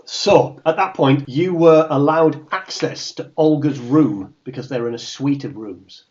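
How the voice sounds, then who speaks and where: A man's voice: fairly high pitch, unhurried, darkish tone, highs cut off. A man running a tabletop horror game as game master, narrating wryly and laughing often.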